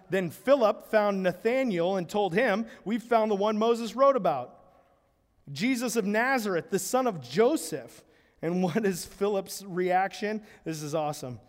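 A man preaching a sermon in an animated storytelling way, acting out the biblical characters' lines as he goes. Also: sits high, in a large hall. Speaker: pastor.

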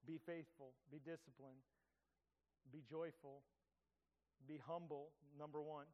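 A man preaching a sermon, telling a story in a conversational way with stumbling restarts, then dropping to hushed tones to pray. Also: fairly high pitch, fairly even intonation, slow, in a large hall, highs cut off. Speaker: pastor. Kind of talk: sermon with anecdote and prayer.

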